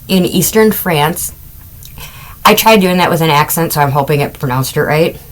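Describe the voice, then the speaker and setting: Casting note: middle-aged woman, podcast host, unhurried chatty storytelling, lower voice. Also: rough recording. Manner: chatty, wandering asides, amused laughs. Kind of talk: casual true-crime podcast storytelling.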